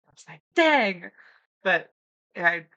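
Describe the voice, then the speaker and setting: A young woman guest telling lively stories in a casual interview, acting out quotes and laughing often. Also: sits low, normal speed, no room sound. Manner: animated storyteller, acts out quotes, laughs often. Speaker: podcast guest, new hunter.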